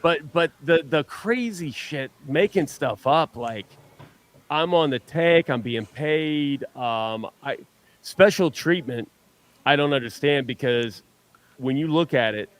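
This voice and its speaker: A man at an ordinary middle pitch talks in loose, rambling bursts, often stumbling and restarting his sentences. He is self-deprecating and easygoing as a guest on a fan show. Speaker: superfan guest. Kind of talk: casual chat.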